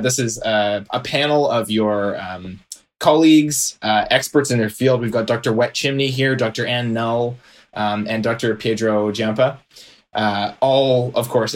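Chatty man hosting a comedy game. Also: medium pitch. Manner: upbeat, chatty, laughs often. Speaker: game host. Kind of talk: improvised comedy on a call.

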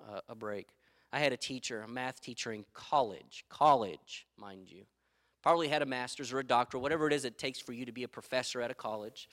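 Male pastor, middle-aged, emphatic sermon, bright tense tone. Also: mid-range voice. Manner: emphatic, repeats key phrases, tells anecdotes.

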